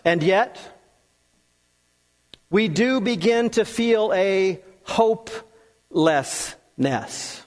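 A man preaching a sermon, earnest and deliberate, often sinking to a soft, low voice on key words. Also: lively intonation. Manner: slow, earnest, with long pauses and drops to a soft low voice. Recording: long hall reverb.

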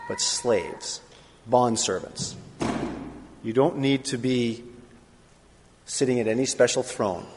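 A male pastor preaching a sermon in a relaxed, conversational way, with pauses and fillers. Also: mid-range voice, husky. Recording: long reverb of a large hall.

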